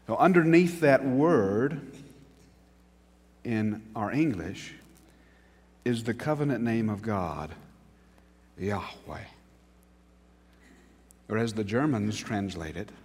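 A pastor delivering a sermon, his voice leaping up and dropping low again with lively, animated pitch. He pauses dramatically, builds to emphatic peaks and speaks directly to his listeners, inviting them to repeat after him. A long reverb hangs behind him, as in a large church sanctuary.

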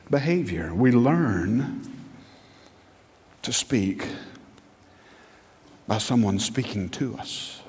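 Pastor, middle-aged man, emphatic sermon with rhetorical questions, mid pitch, long hall reverb. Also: darkish tone. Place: church sanctuary.

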